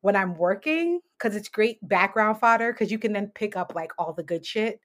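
A woman's voice: medium pitch, moderate pace. A woman in her thirties co-hosting a podcast in casual chat, acting out quotes and laughing often. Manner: animated, laughing, acts out quotes. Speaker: podcast co-host.

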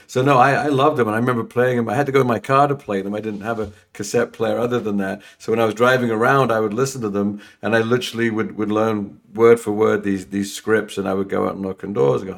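Gravelly London man, rambling. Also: fairly low pitch, quick pace, few pauses. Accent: London English. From England. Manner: warm, rambling, many restarts. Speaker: podcast guest, new home sales trainer. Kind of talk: casual interview chat.

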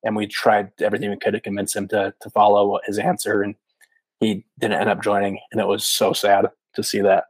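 A man's voice: lowish voice, a little fast, breathy edge, dry recording, low-quality recording. A man in his thirties telling a story as a podcast guest, full of "like" fillers and acted-out quotes. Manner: animated storyteller, many "like" fillers, acts out quotes. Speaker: podcast guest, former missionary. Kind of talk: casual storytelling.

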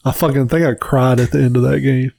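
Male podcast co-host, mid-pitched voice, animated and profane storyteller, dry close mic. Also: fast, gravelly, no room sound. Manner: swears freely, animated storyteller. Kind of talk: casual chat.

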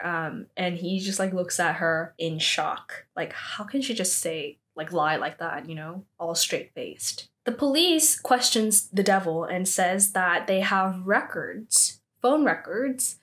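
A woman's voice: fairly low pitch, expressive, a little slow, few pauses, a bit bright. A woman casually recapping a drama plot, chatty and peppering her talk with "like". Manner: chatty, heavy use of 'like' fillers.

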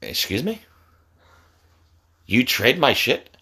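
A middle-aged man, a father, ribbing his son in casual banter, loud and exasperated, swearing often and bursting into high shouts. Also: big pitch swings, slow, vocal fry.

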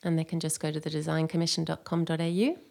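An English woman talks casually as a radio guest, her voice low and gravelly. She rambles, filling the gaps with ums. Her tone is low, with a rough, crackly edge. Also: flat delivery, fast talker, darkish tone. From England. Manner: rambling, with many fillers. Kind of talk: casual chat.

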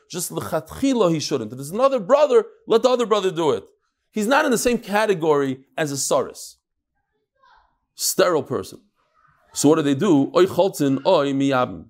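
A man teaching a Talmud class in a study hall, explaining in English and mixing in Hebrew and Aramaic terms. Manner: animated, with sudden swings up and down in pitch.

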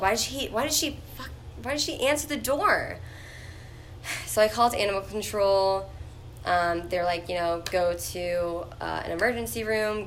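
A young woman telling a personal story in a casual, chatty vlog, full of "like" fillers and animated retellings. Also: on the low side, slight background noise. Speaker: vlogger.

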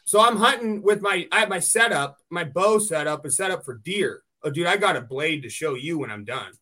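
A man from California hosting a podcast, telling hunting stories in a casual, animated way and swearing freely. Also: fairly high pitch, a little fast. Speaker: podcast host. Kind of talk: casual chat.

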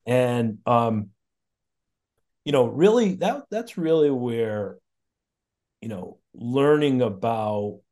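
A man's voice: mid-range voice, expressive, slow, pauses often, a little mellow. A middle-aged man from Connecticut, a guest on a podcast, telling his story in a chatty way, repeating words and chuckling often. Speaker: podcast guest, auto shop owner. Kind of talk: casual storytelling interview.

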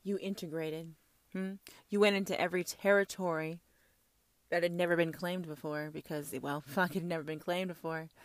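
A woman's voice: lowish voice, steady tone, normal speed, no room sound. Profane ranting woman preacher. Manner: profane, swings from shouting to whispering. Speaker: self-styled prophetess. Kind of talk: ranting monologue.

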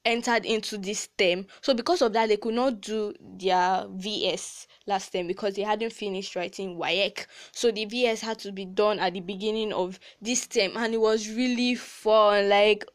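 A woman's voice: mid-range voice, steady tone, normal speed, hardly any pauses. A teenage girl with a Nigerian accent hosts her own podcast in a loose, casual chat. She talks in a chatty, heartfelt way, leaning on "like" and "um" as she goes. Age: teens. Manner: chatty and emotional, frequent "like" fillers and laughs. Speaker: podcast host.

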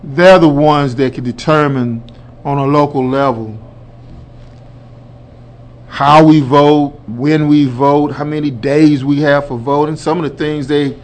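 On his radio show, a man delivers a colloquial, emphatic political monologue to "folks," rising to loud declarations. His voice is on the high side, with fairly even intonation and a slightly slow pace.

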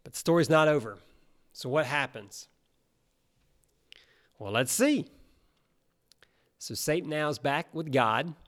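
A man preaching a sermon, retelling a Bible story in a casual, animated way. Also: a little high, slow pace, long pauses. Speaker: pastor.

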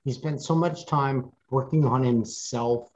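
A man's voice: medium pitch, unhurried, darkish tone, dull audio, slight background noise. A man co-hosting a casual soccer podcast over a video call, talking with eager enthusiasm and frequent stammered restarts. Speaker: podcast co-host.

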